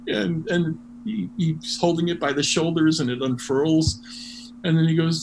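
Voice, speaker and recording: A man telling a story in an interview, animated and full of restarts and fillers. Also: fairly high pitch, normal speed. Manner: animated, many restarts, laughs while telling. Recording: noisy background hum.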